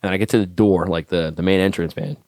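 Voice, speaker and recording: Brief: male soldier guest, very deep voice, dry close sound, swears freely while acting out dialogue. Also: quick pace, no room sound. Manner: profane, animated storyteller acting out dialogue. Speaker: podcast guest, army staff sergeant. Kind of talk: casual storytelling.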